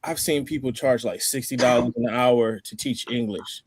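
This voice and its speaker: A man's voice: medium pitch, normal speed, a little hiss or hum. A man in a casual roundtable chat who talks at length, explaining phrases and practicing new words. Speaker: roundtable participant. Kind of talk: casual group chat over a stream.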